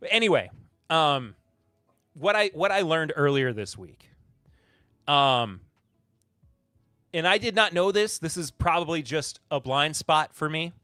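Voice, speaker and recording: Male streaming host, slow, rambling casual chat, dry close sound. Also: a little high, no echo, soft background music. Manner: relaxed, rambling, with fillers and self-corrections; answers chat comments and laughs at them. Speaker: podcast host.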